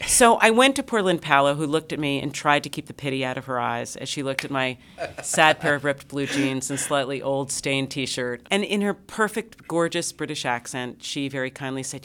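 A woman's voice: moderate pace, a bit bright. Chatty self-mocking woman podcast host. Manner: chatty, self-mocking, swoops high when telling a story. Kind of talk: casual podcast chat.

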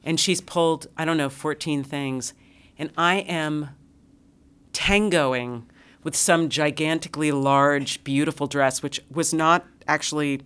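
A middle-aged woman hosting a podcast, telling stories in a chatty, self-mocking way and swooping high when she gets excited. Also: a little slow, clean tone. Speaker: podcast host. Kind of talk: casual podcast chat.

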